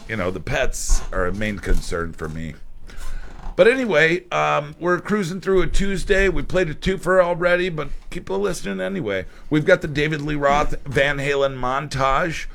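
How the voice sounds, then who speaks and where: Guy doing morning radio, bright punchy voice, chatty and upbeat. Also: a little high, animated, moderate pace, creaky. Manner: upbeat, reads weather and promos, laughs with cohosts.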